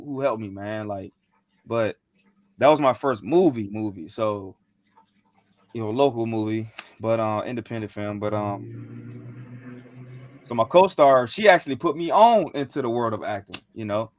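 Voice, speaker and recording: A man's voice: medium pitch, no room sound, clean studio sound. A young man in casual chat, telling a rambling, slangy story with lots of fillers and restarts. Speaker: podcast co-host.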